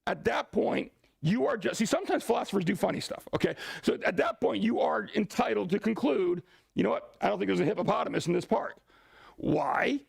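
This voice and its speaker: A man with a high, gravelly voice and a slightly husky edge lectures a class. He jokes and turns to the students with asides. The sound is dry and close. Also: fast talker, dry recording. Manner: lively and joking, asides to the class. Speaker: teacher of a church class.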